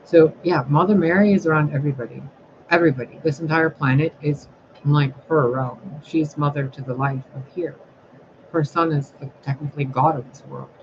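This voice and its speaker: A woman's voice: sits low, fairly even intonation, moderate pace, lo-fi sound, noisy background. A woman speaking as a spiritual reader in a blunt, sarcastic, crude casual vlog monologue.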